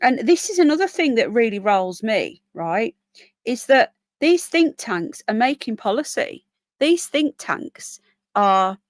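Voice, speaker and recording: Fairly high-pitched and very animated yet unhurried, her voice comes through on a dry recording. During a casual live stream she yawns with fatigue, reads viewer comments, chats along, and interrupts herself to talk to her pets.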